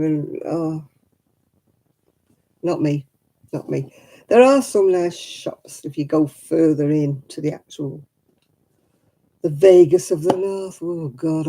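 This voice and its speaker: A woman's voice: on the low side, mellow. A woman hosting a crafting livestream, chatting frankly and casually with viewers and calling them by name.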